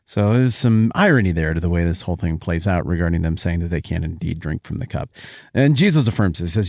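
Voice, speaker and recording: A man hosting a Bible podcast, teaching in a joking, animated way that swings from excited to quiet. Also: low voice, brisk, no room sound, studio quality.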